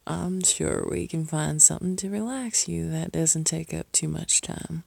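A woman's voice: deep voice, a little slow, vocal fry, few pauses, darkish tone, no room sound. A woman in an audio role-play, speaking as a caring mistress to the listener, by turns scolding and tender, often dropping to a whisper.

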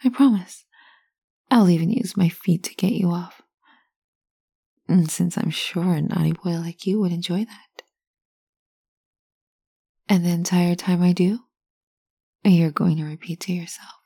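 A woman in a whispered role-play, speaking in a teasing, commanding way with a breathy whisper. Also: lowish voice, unhurried, pauses often, warm tone, no echo.

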